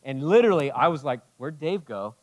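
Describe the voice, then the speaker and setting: A man preaching a sermon as a pastor, impassioned, moving between loud emphasis and hushed tenderness. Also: fairly high pitch, very animated, fairly quick.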